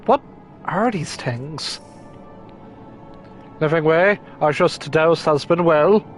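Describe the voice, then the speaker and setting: A hoarse man streaming a video game, chatting casually between reading lines aloud. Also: on the high side, slow, faint music behind, rough recording. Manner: chatty, self-deprecating asides. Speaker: gaming streamer.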